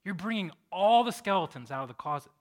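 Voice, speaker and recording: A man's voice: high-pitched, expressive, quick pace, pitched above the performer's own voice. A man voicing an anxious young male scribe who keeps protesting with exasperated questions.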